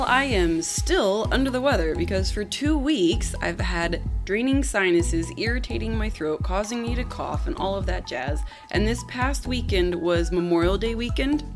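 A woman in her thirties hosting a podcast, hoarse and scratchy-throated from a cold, chatting casually and laughing often as she tells stories. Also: mid-range voice. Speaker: podcast host.

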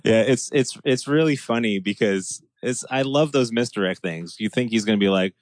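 A man's voice: on the low side, normal speed, dry recording. A man talking in a casual podcast chat, enthusiastic and rambling, with restarts and laughs.

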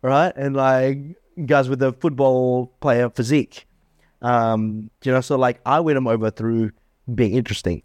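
A man's voice: mid-range voice, steady tone, measured pace, a little mellow, dry recording. A man hosting a casual chat, bragging and acting out his own dialogue in a raised voice. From Australia. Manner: boastful, acts out quoted dialogue in a raised voice. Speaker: podcast host.

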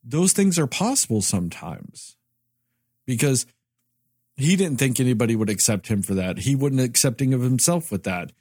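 Podcast co-host, man, animated rambling pitch, dry close sound. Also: moderate pace, husky, no room sound. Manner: rambling, many "you know" fillers. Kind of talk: casual movie review chat.

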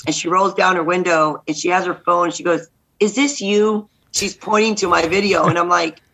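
A middle-aged woman from Texas, a guest candidate telling lively stories in a podcast interview and acting out the voices in them. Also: fairly low pitch, brisk, breathy edge, low-quality recording. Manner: lively, acts out voices in anecdotes. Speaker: guest, state senate candidate. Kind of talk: animated storytelling in a podcast interview.

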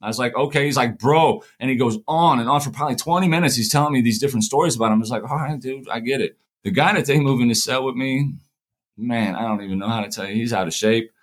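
A man's voice: medium pitch, fast talker. A man, likely in his forties, casually telling prison stories, acting out the dialogue and swearing freely. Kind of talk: casual storytelling.

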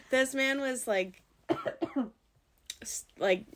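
A woman's voice: mid-range voice, slow, long pauses, a crowd in the background. Young woman rambling thru a date story on a podcast, lots of "like", swears, laughs at herself. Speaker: podcast guest. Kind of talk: casual storytelling chat.

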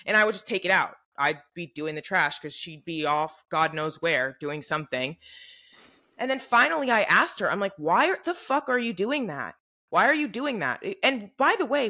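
A young woman co-hosting a podcast, telling a story in a casual, animated, profane way and acting out what people said. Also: mid-range voice. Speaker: podcast co-host. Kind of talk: casual chat.

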